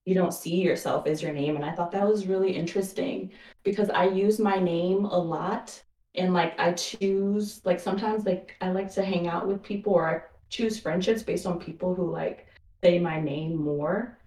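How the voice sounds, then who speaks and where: A woman's voice: fairly low pitch, moderate pace, mellow, far from the mic. A woman calling in to a podcast, chatting with lots of ums and likes. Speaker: caller. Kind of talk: casual call-in chat. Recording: roomy remote call.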